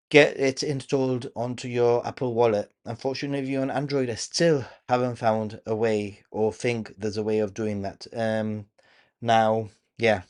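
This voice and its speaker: A man's voice: mid-range voice, darkish tone. A man hosting a casual live stream, chatting to viewers, reading their comments aloud and laughing often. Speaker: livestream host.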